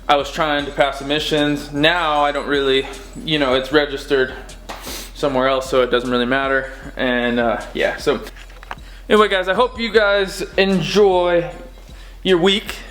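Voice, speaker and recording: A young man giving a relaxed, rambling update on his car projects from his home garage, with lots of fillers. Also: on the high side. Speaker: car-build vlogger. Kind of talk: casual garage update vlog. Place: home garage, door open.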